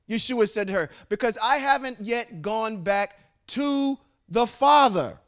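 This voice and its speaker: His voice is high and fairly bright, and he talks a little slowly. He's a man teaching a bible study, reading scripture out loud and regularly breaking off to explain it and consult the group.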